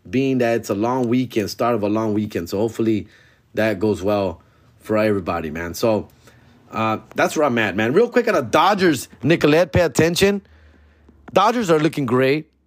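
A man's voice: medium pitch, no echo. A man, a comedian hosting his own podcast, chatting casually in a laid-back, profane, slang-heavy way into a close mic. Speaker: stand-up comedian and podcast host. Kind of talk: casual solo podcast chat.

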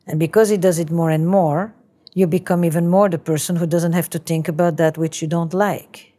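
A woman's voice: fairly low pitch, steady tone, brisk, dark tone. A woman therapist with a Belgian accent, probing and laying out ideas in repeating, building patterns. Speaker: couples therapist. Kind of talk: therapy session guidance.

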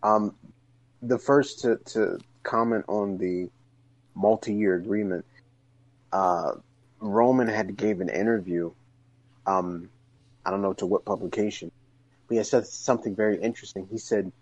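A man talks through a casual podcast in a lowish voice, getting animated as he tells a story and looping through long questions. The sound is dry and close but a little dull and lo-fi. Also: unhurried, pauses often, no room sound. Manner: animated storyteller, rises high when excited. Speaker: wrestling podcast co-host.

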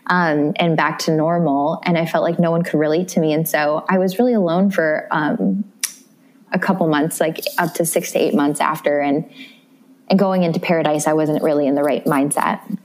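Candid young woman, low-pitched voice. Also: steady tone, normal speed. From American Midwest. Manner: candid, emotional, rambling with restarts. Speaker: interview guest. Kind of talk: casual interview chat.

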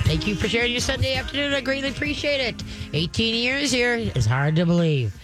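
With faint music behind, an older radio host in the studio hands out dog-training tips to callers, joking around and frequently asking "okay?". The medium-pitched voice is animated, brisk and a bit bright.

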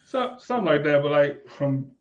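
A man's voice: a little high, lively intonation, moderate pace, muffled recording. A man co-hosting a casual podcast chat, joking and laughing as he reads things out. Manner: laughs often while reading out tweets, loose and joking. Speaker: podcast co-host.

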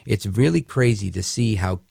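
A man's voice: fairly low pitch, lively intonation, normal speed, gravelly, a little mellow, slightly rough, no room sound, clean studio sound. A man hosting a syndicated talk radio show, delivering an indignant, rambling monologue with frequent restarts. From Puerto Rican heritage, raised in the northern US.

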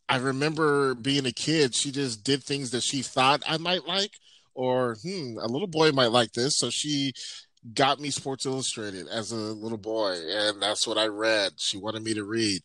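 Guy chatting casually, bright crisp voice, dry close sound, tells stories with lots of laughs. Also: dry recording. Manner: animated, laughing storyteller; mimics others in a high voice. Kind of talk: casual storytelling chat.

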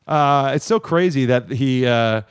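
A man hosting a radio show, chatting casually in a rambling, halting way full of fillers. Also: medium pitch, animated, clean tone. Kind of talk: casual chat.

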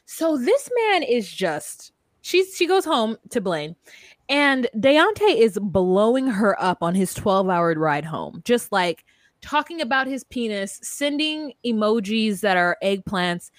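Woman, podcast co-host, casual recap chat, animated, laughs a lot, dry close sound. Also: medium pitch, unhurried, no echo. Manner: animated, laughs often, mock-dramatic voices when quoting.

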